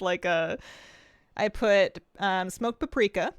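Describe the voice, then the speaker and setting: A woman's voice: medium pitch, normal speed, dry recording. Chatty woman streamer, dry close sound. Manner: chatty, thinks aloud while eating and playing. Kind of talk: casual live-stream gaming chat.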